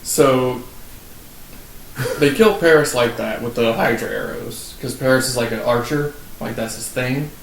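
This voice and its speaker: A man's voice: mid-range voice, a little slow, far from the mic. A man co-hosting a podcast, casually retelling old myths in a laid-back, irreverent way. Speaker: podcast co-host. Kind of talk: casual chat. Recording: echoey room with faint hiss.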